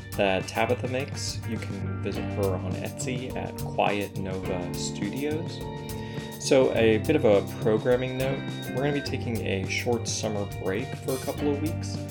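A man hosting a tabletop game podcast, chatting casually and reading the show outro. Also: mid-range voice. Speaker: podcast host and player.

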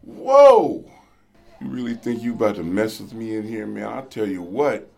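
A man voicing a huge, menacing male grizzly bear who taunts in swaggering street talk, with a high burst at the start. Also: sing-song, moderate pace, creaky, a little mellow. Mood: taunting.

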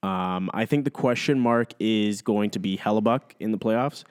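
A man co-hosting a sports podcast, agreeable and easygoing, making his picks in a relaxed way. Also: lowish voice, moderate pace, smooth. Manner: agreeable, easygoing, lots of backchannel. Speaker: hockey podcast co-host. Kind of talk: casual sports chat.

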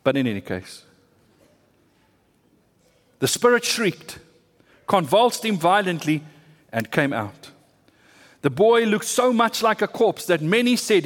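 A male pastor delivers a sermon in a high, light voice. He drives his points home through emphatic repetition and rising bursts of intensity. His words carry a long, lingering reverb. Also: animated, normal speed, a bit bright.

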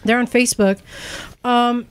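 Animated woman telling a story. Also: fairly high pitch, measured pace, smooth. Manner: animated storyteller, acts out quotes. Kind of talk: casual chat, storytelling.

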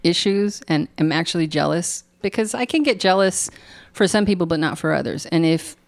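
Open, enthusiastic woman, lowish voice. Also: normal speed, no room sound. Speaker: podcast co-host. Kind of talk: casual chat.

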